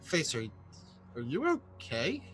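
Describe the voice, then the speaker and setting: A man's voice: on the high side, huge pitch swings, a little slow, fairly bright tone, husky. A man playing a character in a tabletop game, joking around with the group. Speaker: player.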